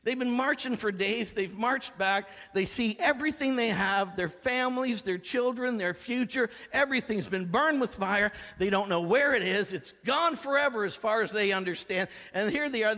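A man preaching a sermon as pastor, dramatic, swinging from shouting to hushed tones. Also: very high-pitched, normal speed, hardly any pauses. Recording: reverberant hall.

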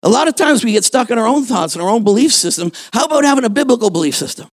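High-voiced man preaching a fiery sermon. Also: lively intonation, rapid-fire, no echo. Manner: fervent preaching with shouted emphasis and rhetorical questions. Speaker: pastor. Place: church, before a congregation.

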